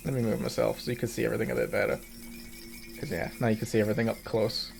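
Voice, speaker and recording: A man's voice: lowish voice, level tone, very fast, gravelly, faint music behind. Giggly male streamer chatting casually. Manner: chatty and giggly, often breaking into laughter. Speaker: VTuber streamer. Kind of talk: casual livestream chat.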